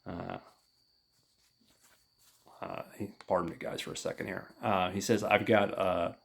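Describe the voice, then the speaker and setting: A man hosting a podcast, recapping a comic book in a casual, halting way with many fillers. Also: low voice, steady tone, creaky, breathy edge. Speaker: podcast host.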